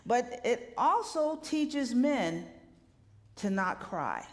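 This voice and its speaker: A woman minister giving a lively, conversational sermon, often checking in with the congregation with a quick "right?". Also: on the high side. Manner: animated, conversational preaching with rhetorical "right?" asides. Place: church sanctuary. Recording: long hall reverb.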